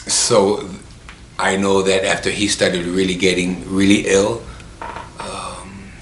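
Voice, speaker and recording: Low-voiced man telling a personal story. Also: sharp tone. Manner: emotional, reflective, acts out remembered dialogue. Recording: roomy with faint background noise.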